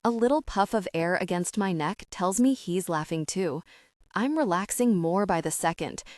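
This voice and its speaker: A woman reads a first-person romance audiobook in a soft, intimate voice, somewhat low in pitch. The sound is dry and close, with no room around it. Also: expressive, normal speed, no echo. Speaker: audiobook narrator.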